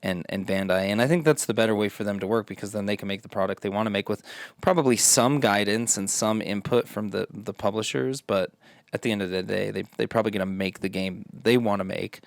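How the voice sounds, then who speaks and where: A man's voice: lowish voice, brisk, vocal fry, dry recording. A man co-hosting a games podcast, talking casually and animatedly, swearing often. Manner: animated, swears often, mocking put-on voices. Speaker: podcast co-host. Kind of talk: casual chat.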